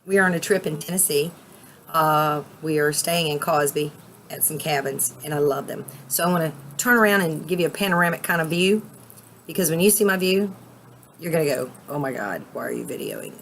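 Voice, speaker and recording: A woman vlogging casually outdoors at a cabin, chatty and excitable, rambling with fillers. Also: low voice, a little fast, slight background noise. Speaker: vape vlogger. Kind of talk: casual vlog chat.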